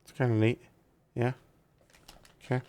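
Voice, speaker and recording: A tech reviewer talks casually and profanely while unboxing and reviewing a gaming mouse, excitably joking with his viewers. His mid-range voice is unhurried, with slight background noise.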